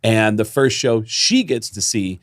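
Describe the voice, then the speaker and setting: Animated man telling stories. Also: lowish voice, measured pace. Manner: animated storyteller acting out quoted voices; swears freely. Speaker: podcast co-host. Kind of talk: casual storytelling chat.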